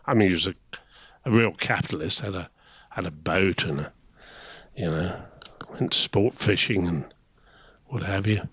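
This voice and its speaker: A man's voice: sits low, normal speed, pauses often, fairly bright tone, breathy edge, no echo. A man in his eighties from England, a retired naval officer telling chatty anecdotes in an interview, often chuckling. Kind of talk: casual reminiscing interview. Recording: dry, slightly dull recording.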